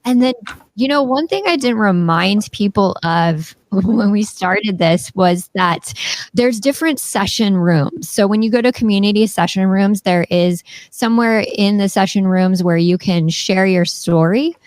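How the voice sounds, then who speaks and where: A woman's voice: mid-range voice, a little mellow, no room sound. A woman hosting an online conference, thanking the guest and giving upbeat announcements. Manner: upbeat, brisk, informative. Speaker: conference host. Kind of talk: host announcements.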